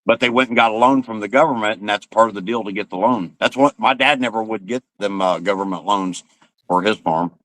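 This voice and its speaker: A man from Missouri explains things plainly and matter-of-factly. His low voice comes across dry and close, with little room sound. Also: brisk, fairly bright tone, dry recording, poor audio. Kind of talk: casual chat.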